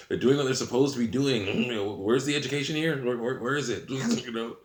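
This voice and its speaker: A man's voice: mid-range voice, normal speed. A man talking casually to camera in a rambling way, chuckling often between sentences. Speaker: channel host. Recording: roomy echo.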